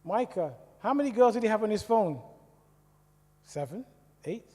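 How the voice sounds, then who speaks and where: A middle-aged man with a British English accent giving a personal testimony talk in a church, telling his story in a lively way and asking the audience questions. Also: sits high, moderate pace. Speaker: church speaker. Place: church hall. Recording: echoey church hall reverb.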